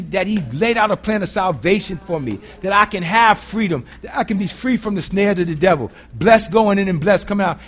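High-voiced man preaching a sermon. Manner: conversational preaching with rhetorical questions; blunt, earthy phrasing. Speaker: pastor.

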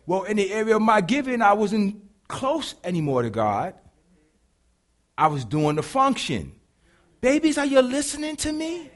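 A male pastor preaching a sermon, animated and confiding, talking straight to the congregation. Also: high-pitched, moderate pace.

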